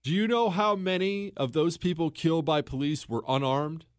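A man's voice: on the high side, moderate pace, clear, resonant tone, dry recording, clean studio sound. A young man hosting a podcast, delivering a political commentary monologue in an emphatic, rhetorical way, repeating words for effect and posing questions to his listeners. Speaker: podcast host.

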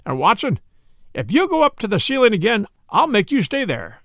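A man reading aloud, voicing a big, scowling male author who talks in a gruff, threatening way. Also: high-pitched, huge pitch swings, normal speed, a bit bright, dry recording, studio quality, voice pushed up, heavily acted. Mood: gruff threat.

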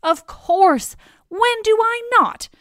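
A woman's voice: a little high, wildly swooping pitch, a little slow, a bit bright, no room sound, clean studio sound, full character voice. A woman voicing an older, muscular male hero who teases and questions with amused disbelief in a storytelling retelling. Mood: mocking.

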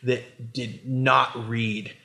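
A man's voice: medium pitch, little pitch movement, drawn-out words, creaky, bright, forceful tone. A man talking as a guest on a podcast, worked up, swearing and repeating himself in a loose, casual chat. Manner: heated, profane, repetitive.

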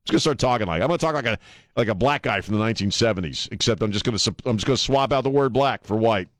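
A man's voice: fairly low pitch, racing, no echo, studio quality. A man hosting a talk radio show, delivering a sarcastic, rambling opinion monologue with many restarts.

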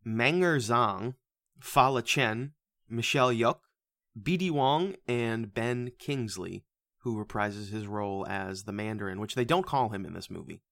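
A man hosting a casual movie review podcast, animated and swearing freely, who slips into loud mock voices. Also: lowish voice, unhurried, gravelly. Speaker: podcast host.

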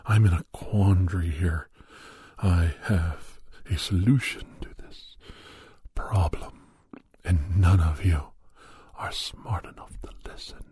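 A man voicing a bossy, bitter woman who is turning into a Grinch, domineering and shrill when she yells. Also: slightly rough, no room sound, heavily acted.

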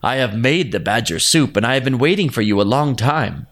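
A man voicing a wicked male badger disguised as an old woman, speaking slowly, slyly and mockingly in a storybook reading. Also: medium pitch, lively intonation, fairly bright tone.

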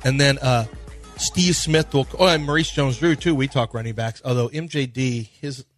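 A man's voice: medium pitch, normal speed, a bit bright, soft background music. A man co-hosting a sports radio show, telling stories animatedly and quoting others' conversations. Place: radio studio. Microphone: studio microphone.

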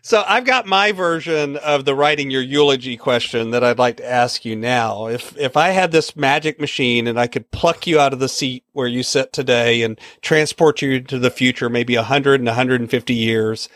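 A man from Texas who hosts a podcast and interviews his guest in a relaxed, rambling way, often chuckling. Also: medium pitch, normal speed, few pauses, dry recording. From Texas, USA. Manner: rambling, many fillers and restarts, chuckles. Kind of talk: conversational interview.

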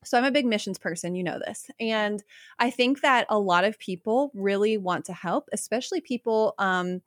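A woman's voice: medium pitch, normal speed, no room sound, clean studio sound. A woman hosting a casual interview chat, talking in a chatty, reflective way. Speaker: podcast host.

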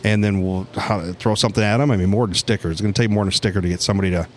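Low-voiced, laid-back male co-host. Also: steady tone. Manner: laid-back, joking, quick agreeing replies. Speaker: podcast co-host. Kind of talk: casual podcast chat.

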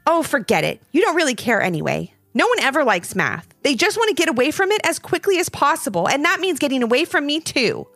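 A woman's voice: sits high, big pitch swings, normal speed, a bit bright, no echo, faint music behind, pitched above the performer's own voice, exaggerated voice. A woman reading a children's storybook, voicing a grumpy, smug male math master with a curt, annoyed manner. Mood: sad.

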